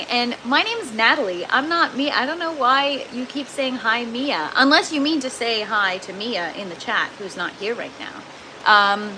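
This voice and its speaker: A woman's voice: fairly high pitch, background noise. A young woman hosting a casual livestream from an indoor grow tent, venting that she is annoyed while greeting viewers. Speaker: livestream host.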